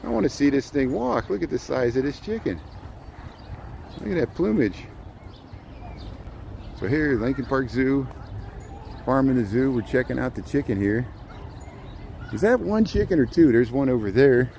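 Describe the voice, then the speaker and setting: A man's voice: mid-range voice, lively intonation, moderate pace, creaky, long pauses, a little mellow, low-quality recording. Man, casual walking vlog, chatty and jokey, talks to the animals, outdoor noise behind. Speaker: vlogger. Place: outdoor farm area at a city zoo. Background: outdoor ambience, birds, passing vehicles.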